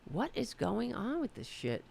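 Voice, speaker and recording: A woman from the United States hosting a political livestream, chatting loosely and swearing, her voice going hoarse. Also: a little high, huge pitch swings, a little slow, a little mellow. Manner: loose, profane, rambling. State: losing her voice. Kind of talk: casual livestream chat.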